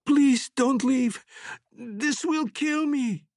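A panicked middle-aged woman scientist begging for her life in an audiobook thriller, as a male narrator puts her on. Her voice climbs high and thin with terror, and the sound is dry and close. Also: very slow, a little mellow, no room sound, heavily acted. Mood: pleading. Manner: high strained pleading.

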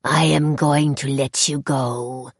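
A harsh, menacing faerie creature speaks in a slow, low storybook threat, as a woman reader puts it on. The voice is husky and gravelly, close and dry. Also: steady tone, no echo, heavily acted. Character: harsh-voiced faerie intruder with a strange accent.

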